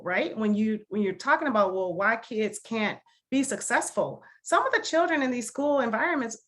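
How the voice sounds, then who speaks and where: A woman's voice: high voice, a bit bright. Milwaukee woman, guest speaker on a video call, earnest and emphatic, repeats her points for weight. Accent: Milwaukee, Wisconsin. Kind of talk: casual talk to a video call discussion.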